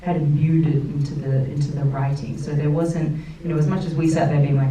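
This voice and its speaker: A woman, an actress on a screening panel, talking in a chatty, animated way with many fillers and restarts. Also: sits low, fairly quick, few pauses. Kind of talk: panel Q&A chat. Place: screening room with audience. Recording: roomy and distant with faint noise.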